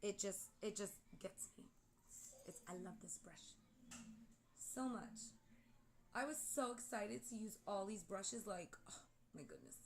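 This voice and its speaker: Chatty and prone to tangents, a Brooklyn beauty vlogger talks while putting on makeup at home in a casual tutorial. Her mid-range voice is a bit bright, her New York accent touched by a slight Southern twang, and there's slight background noise.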